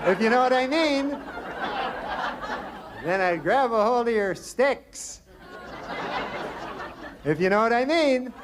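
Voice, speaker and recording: A comedian playing a lurking, creepy bachelor who drags out each sleazy innuendo. His voice sits fairly high, and the recording carries a noisy hiss. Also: lively intonation, a crowd in the background, exaggerated voice. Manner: sleazy, slow, insinuating. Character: creepy shambling male dating-show bachelor.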